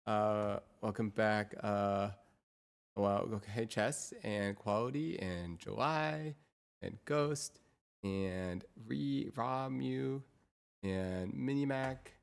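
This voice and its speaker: Using a real-time AI voice changer, a woman streamer chats casually with viewers and mutters to herself while setting up her screens. The voice comes out very deep, very slow, creaky and smooth.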